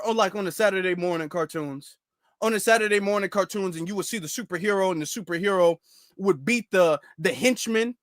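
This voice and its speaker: A man hosting a commentary channel, ranting in an animated, repetitive storytelling way. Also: high-pitched, no room sound, studio quality.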